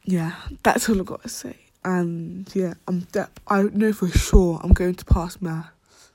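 Her voice is lowish, warm, and steady, a little slow, with no room sound: a young college woman vlogging casually about her own life. She rambles through slang, fillers, and restarts, occasionally slipping into whispers.

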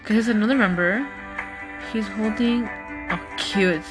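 A young woman hosting a casual podcast, reacting excitedly to a video with frequent exclamations and fillers. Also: mid-range voice, normal speed, music in the background. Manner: gushing, exclamatory, many fillers. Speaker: podcast host.

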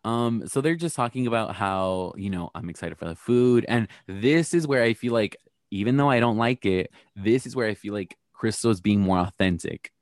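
A man's voice: lowish voice, normal speed, no room sound, studio quality. A man recapping a reality TV episode in a sassy, chatty way, swearing freely and acting out what people said. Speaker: podcast co-host. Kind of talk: casual reality TV recap chat.

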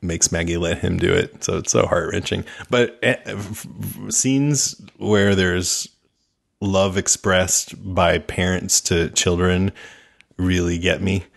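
Deep gravelly man chatting on a podcast. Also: fairly even intonation, slow pace. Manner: chatty, laughs often, recounts scenes. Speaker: podcast co-host. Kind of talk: casual chat.

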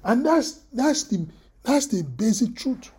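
A preacher with a mellow, husky, mid-range voice delivers a very animated sermon. He halts and doubles back on words, repeating them, clears his throat often, and tosses questions to the listeners.

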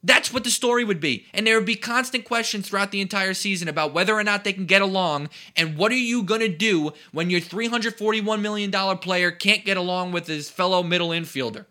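A man's voice: sits high, brisk, hardly any pauses, bright, forceful tone. A man delivering a heated, indignant sports talk rant, emphatic and repeating phrases for emphasis. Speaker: sports commentator.

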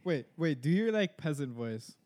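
A young man co-hosting a podcast, bantering excitedly, laughing and cursing casually. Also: fairly high pitch, moderate pace. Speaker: podcast co-host. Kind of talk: casual chat.

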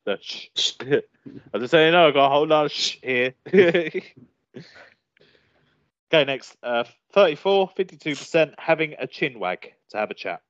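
A man's voice: on the high side, lively intonation, moderate pace, fairly bright tone, no echo. A man from England co-hosting a casual podcast, reading list items aloud and laughing often. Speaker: podcast co-host. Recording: dull lo-fi sound.

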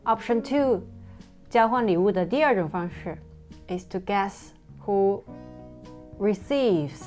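A woman's voice: medium pitch, slow, a little mellow, soft background music. Playful woman with a Mandarin background. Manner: playful, competitive, switches between English and Mandarin. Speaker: podcast co-host. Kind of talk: casual chat.

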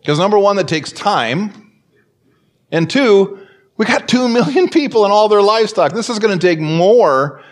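A man preaching a sermon as pastor, telling a story and acting out the quoted voices with big swings in pitch. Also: expressive, normal speed.

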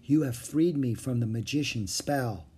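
A man voicing a wise, gentle female enchantress in a storybook, speaking softly and calmly. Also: mid-range voice, unhurried, breathy edge. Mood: serene. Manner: soft and calm.

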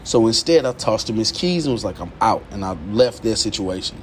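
A man hosting a podcast, talking in a candid, profane, confessional monologue that swings from low murmurs to heated outbursts. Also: expressive, brisk, a little hiss or hum. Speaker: podcast host.

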